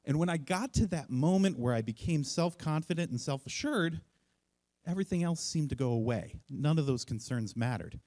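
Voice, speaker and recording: A man telling a funny personal story on stage at a live event, self-mocking and acting out the voices in it. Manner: animated, self-mocking, acts out voices with big jumps in pitch.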